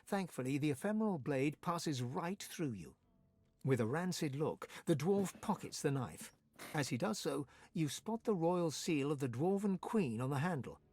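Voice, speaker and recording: A dramatic storybook-style narrator for a video game. His voice is husky and a little high, and it moves up and down expressively. The recording is dry and close. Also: lively intonation, normal speed, a little mellow, no echo. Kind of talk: scripted narration.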